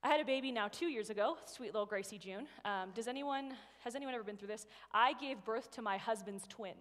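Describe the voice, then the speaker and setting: A woman's voice: fairly high pitch, a little fast, fairly bright tone. A woman in her thirties, a guest speaker giving a sermon in a chatty, personal storytelling way and often checking in with "right?". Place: church sanctuary. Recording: long hall reverb.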